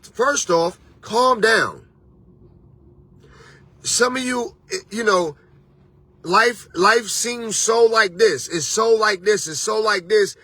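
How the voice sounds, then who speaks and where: High, bright-voiced motivational man. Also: slow, pauses often, husky, no room sound. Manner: preachy, repetitive, slangy and animated. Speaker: motivational host and life coach. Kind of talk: motivational monologue.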